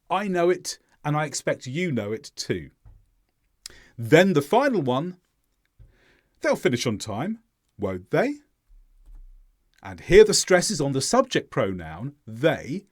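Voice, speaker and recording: A man teaching English intonation in a scripted lesson, speaking clearly and deliberately and exaggerating the stress in his examples. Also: medium pitch, dry recording, clean studio sound.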